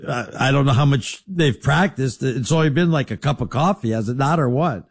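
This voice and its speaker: A man co-hosting a sports radio show, giving animated, opinionated takes and laughing easily in casual banter. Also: mid-range voice, normal speed, slightly rough.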